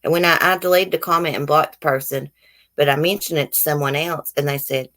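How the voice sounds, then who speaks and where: A woman speaks briskly in a voice that sits low, fairly bright and with fairly even intonation. She's from the American South with a Southern accent, hosting a casual YouTube live stream where she reads comments and responds to viewers frankly and bluntly.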